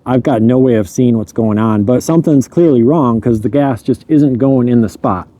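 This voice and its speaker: A man telling a true story from his own life in a casual way, chuckling at his mishaps and stumbling over words as he rushes ahead. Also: mid-range voice, dark tone, dry recording.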